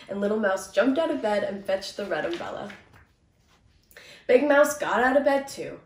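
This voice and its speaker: A woman actor reading a children's picture book aloud with gentle, expressive storytelling. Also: medium pitch, normal speed, pauses often. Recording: roomy, distant mic.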